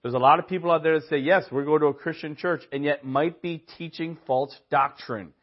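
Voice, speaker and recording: A man's voice: a little high, steady tone, a little fast. A man teaching at a church in a conversational sermon style, with casual asides and personal stories. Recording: dull lo-fi audio.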